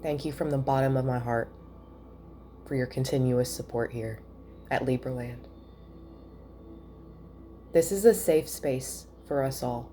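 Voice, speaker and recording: Woman doing a chill reading at home, talks slow and muses out loud, low voice. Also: faint music behind. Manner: chatty, thinking aloud with soft asides. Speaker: tarot reader. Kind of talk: casual spiritual reading to camera.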